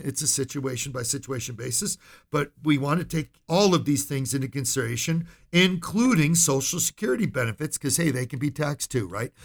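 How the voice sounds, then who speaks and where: A man hosting a financial radio talk show, speaking directly to listeners in a folksy, emphatic way and often checking in with "right?" and "okay?". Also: fairly high pitch.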